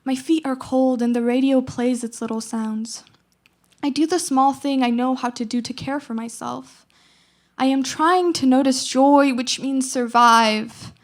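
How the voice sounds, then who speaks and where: Teen girl slam poet, high voice, rhythmic and emphatic recitation with weighty pauses. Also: steady tone. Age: teens. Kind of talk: spoken word poetry performance.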